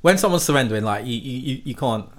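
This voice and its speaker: A man's voice: mid-range voice, expressive, fast. A man hosting a casual chat, laughing along and chiming in with agreement. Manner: laughs along, affirms often.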